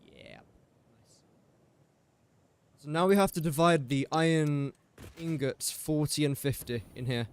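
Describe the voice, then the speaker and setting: A man's voice: a little high, unhurried, clean tone. A young English man streaming a building game, thinking aloud through factory maths and tossing jokey asides to his chat. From England. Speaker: gaming streamer. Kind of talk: casual live-stream commentary.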